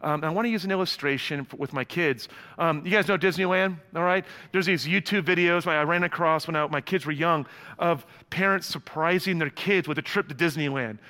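A man's voice: fairly high pitch, fairly quick, pushed and bright, in a large hall. A man preaching a sermon as a pastor, telling a story with humor and casual asides.

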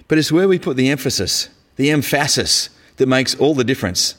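Male preacher, mid-pitched, casual and emphatic delivery, long hall reverb. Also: lively intonation, fairly quick. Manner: conversational, emphatic, uses casual slang. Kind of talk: sermon. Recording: echoey hall.

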